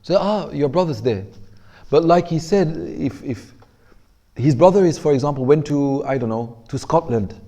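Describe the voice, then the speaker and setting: A man with a slightly high voice teaches a class on Arabic rhetoric, explaining in English and reading Arabic passages aloud quickly. He's relaxed and jokes around with his students.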